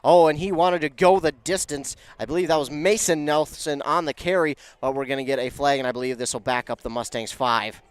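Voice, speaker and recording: A man calling a local high school football game, chatty and self-correcting, rising in pitch and volume on big plays. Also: fairly quick, hardly any pauses, clear, resonant tone. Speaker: play-by-play announcer. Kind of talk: local football play-by-play commentary.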